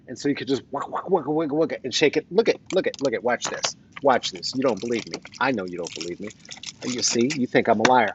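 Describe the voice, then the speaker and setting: A man's voice: mid-range voice, a bit bright, husky. A man with a Colorado accent and traces of the East Coast, hosting a casual livestream with playful, rambling, jokey asides. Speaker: host. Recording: slightly dull lo-fi sound.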